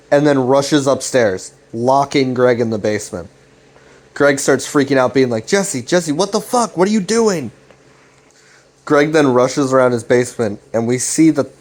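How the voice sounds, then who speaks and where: A man's voice: medium pitch, darkish tone. A young man casually recapping a web series, retelling the dialogue loosely with fillers and restarts.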